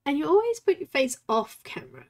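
A woman in her forties runs a live coloring tutorial, her voice high, sing-song and fairly fast. As she works she chats, laughs, and teases her cat.

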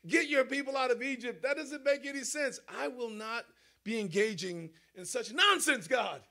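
A man's voice: very high-pitched, moderate pace, creaky, sharp tone, exaggerated voice. A man voicing a flustered, objecting Moses, in a sermon. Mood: indignant. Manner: indignant and flustered.

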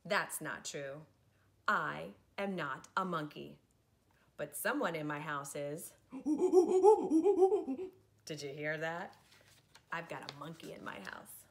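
A woman's voice: low-pitched, steady tone, unhurried, creaky, sharp tone. A woman, a preschool teacher, reading a picture book aloud to children in a playful, theatrical way. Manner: playful, theatrical, switches into silly voices.

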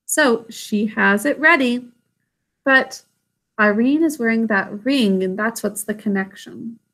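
A woman reading a children's book aloud, pausing to explain the story in plain words. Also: a little high, a bit bright. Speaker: story reader.

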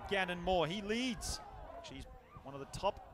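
A man with an Australian accent calling a live rugby match as play-by-play commentator, energetic and rising to shouts on big plays. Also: high-pitched, a little slow, crowd noise, noisy background. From Sydney, Australia.

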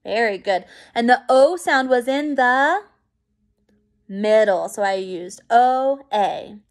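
A woman teacher giving a recorded phonics lesson to young children, encouraging and clear. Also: a little high. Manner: slow, clear, encouraging classroom pacing.

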